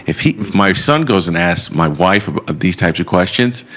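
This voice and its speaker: Male host, 30s, lowish voice, loose chatty delivery for live market show. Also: animated, fairly bright tone. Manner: chatty, quick asides, frequent laughs. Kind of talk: casual live show banter.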